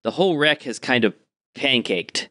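A man narrating a tabletop game as game master, describing scenes calmly and in detail. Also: medium pitch, moderate pace, no echo, clean studio sound.

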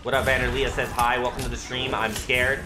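A man streaming a fighting game live, talking to his viewers, thanking them for likes, and swearing and shouting when he gets hit. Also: mid-range voice, flat delivery, a little fast, background noise. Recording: roomy with game music behind.

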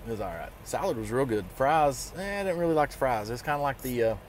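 A man's voice: medium pitch, expressive, fast talker, slight background noise. A middle-aged man, telling a rambling, folksy story about his day in a casual vlog. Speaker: trucker vlogger.

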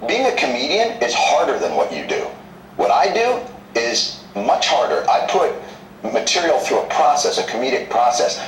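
Male comedian guest, lively and combative, echoey distant sound. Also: medium pitch, moderate pace, a little hiss or hum. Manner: animated, argumentative, wry. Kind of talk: combative TV interview. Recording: echoey, slightly distant mic.

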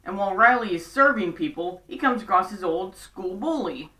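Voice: medium pitch, lively intonation, normal speed, bright, forceful tone. A casual show recap vlogger, chatty and throwing in sarcastic asides. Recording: roomy echo, distant from mic.

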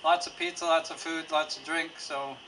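A man in his fifties giving a halting, informal anniversary speech at a party, full of fillers. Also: on the high side, steady tone, distant mic, heavy background noise. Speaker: father celebrating his anniversary.

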